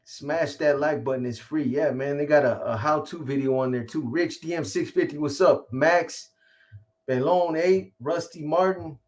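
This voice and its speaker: A man's voice: on the high side, moderate pace, darkish tone. A middle-aged man hosting a casual live stream, rambling and profane, greeting viewers by name in street slang. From California.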